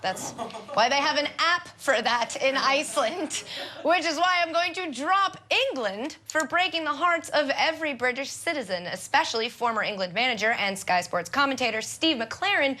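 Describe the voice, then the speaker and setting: Lively high-voiced woman hosting a comedy sports show. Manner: sarcastic, joking, laughs at her own jokes. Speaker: host.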